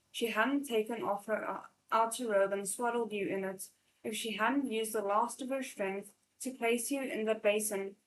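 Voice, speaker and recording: A woman hosting a live read-along, reading a novel aloud. Her narration is steady but stumbles and restarts now and then. The voice sits at an ordinary middle pitch. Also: low-quality recording. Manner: steady narration with frequent small slips and restarts. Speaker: channel host and reader.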